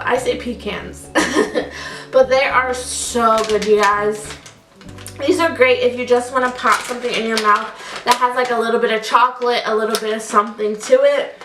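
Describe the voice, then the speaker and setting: A woman in her twenties chatting casually on camera about her favorite products, gushing and repeating how much she recommends things. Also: recorded from a distance. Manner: chatty, gushing, repeats "so good" and "highly suggest". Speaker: beauty vlogger. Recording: echoey room, voice a bit off-mic, soft music. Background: faint background music.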